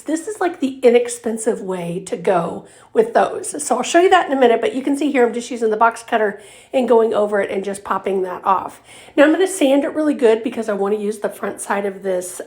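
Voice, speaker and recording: A woman's voice: fairly high pitch, a little mellow. A woman hosting a craft tutorial, chatty and upbeat, talking viewers through each step with fillers and little laughs. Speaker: craft video host. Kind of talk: casual craft tutorial narration.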